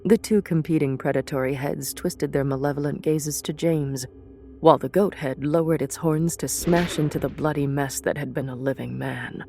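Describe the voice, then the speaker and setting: A woman narrating a fantasy story in a measured, deliberate way. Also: deep voice, steady tone, gravelly, dark tone, soft background music. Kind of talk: audiobook narration of a fantasy serial.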